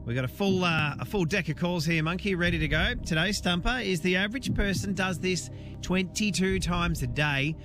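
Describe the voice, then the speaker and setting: An Australian man in his thirties hosting a breakfast radio show, relaxed and chatty. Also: high-pitched, normal speed, music in the background. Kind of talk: casual radio banter.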